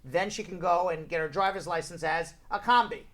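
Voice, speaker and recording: A man hosting a live call-in show as an immigration lawyer, answering viewer questions in a brisk, emphatic, joking way, with a New York accent. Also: fairly high pitch, a bit bright.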